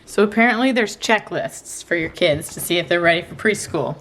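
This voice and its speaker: A woman's voice: on the low side, lively intonation, a little fast, hardly any pauses, background noise. A young woman and mother chatting casually in a family vlog, full of fillers and restarts. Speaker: vlogger, mother.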